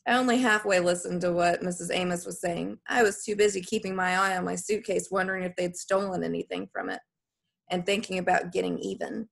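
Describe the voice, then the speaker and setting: A woman's voice: on the low side, moderate pace, gravelly, a bit bright. A woman narrating a first-person story in a plain, folksy storytelling way. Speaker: audiobook narrator.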